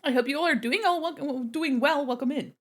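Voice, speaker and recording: A giggly young woman chats casually on a home stream and often talks with her mouth full. Her voice sits a little high. The mic is set back from her face, so she sounds a bit distant. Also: fairly quick. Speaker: art streamer. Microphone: mic set away from her face.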